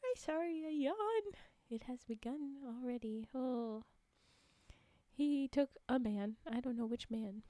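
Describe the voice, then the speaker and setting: Young woman reading folktales on stream, dark mellow tone, dry sound, keeps giggling. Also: high-pitched, expressive, unhurried, no room sound. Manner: giggly, chatty, laughing asides. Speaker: livestream storyteller. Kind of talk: folktale reading with chatty asides.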